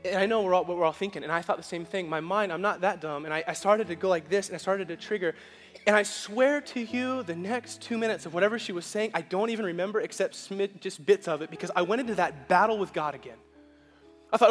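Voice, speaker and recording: A male pastor preaching a sermon and telling a personal story. He moves between loud, animated passages and hushed, emotional ones. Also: high voice, quick pace. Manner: animated, swings from shouting to hushed. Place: church sanctuary. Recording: church hall with long reverb, faint music.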